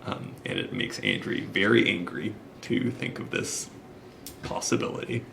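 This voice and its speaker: A man with a very deep, gravelly voice describes his character in a tabletop game. He talks loosely and hesitantly, and steady background noise sits clearly under the recording. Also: moderate pace. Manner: loose and hesitant, many fillers. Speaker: player.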